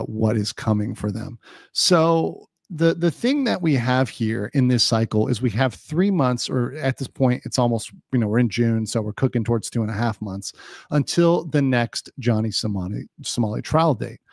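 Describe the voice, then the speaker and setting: A man's voice: medium pitch, animated, normal speed, creaky, darkish tone, no room sound, studio quality. A man doing casual live-stream legal commentary, chatty with lots of fillers, reading viewer chat aloud and a little hiccupy. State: has the hiccups.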